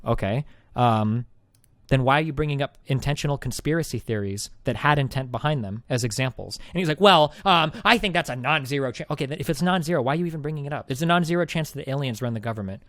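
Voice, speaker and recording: A man's voice: medium pitch, quick pace, no room sound. A male streamer recapping a debate in casual, rambling talk, sarcastic and full of restarts.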